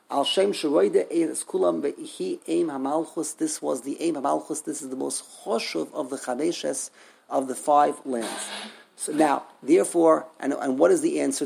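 A man leads a text study class in a gravelly, husky voice that sits a little high. He thinks aloud, stumbles over repeated words, and keeps putting rhetorical questions to his listeners. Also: darkish tone. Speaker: Torah class teacher.

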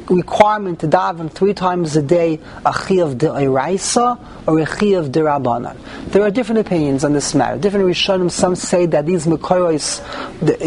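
A man's voice: on the high side, a little hiss or hum. A man teaching a Talmudic-style lesson, mixing English with Hebrew and Yiddish terms and rising sharply on key points. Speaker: Torah teacher. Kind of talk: Talmudic lecture.

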